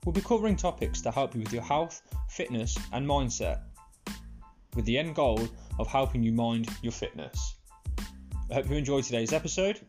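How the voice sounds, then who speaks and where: A man talking on his own podcast in a loose, unscripted way. He is candid and a little self-mocking, and swears casually as he goes. His voice sits at an ordinary middle pitch. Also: animated, normal speed, a little mellow, faint music behind. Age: adult with children. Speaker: podcast host. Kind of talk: casual solo podcast talk.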